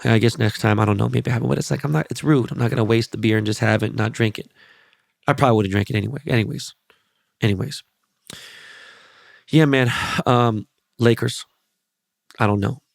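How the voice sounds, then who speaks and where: Fast-talking and gravelly, this podcast host in his forties keeps an ordinary pitch while delivering a rambling, foul-mouthed, animated monologue. The recording is close-miked and completely dry.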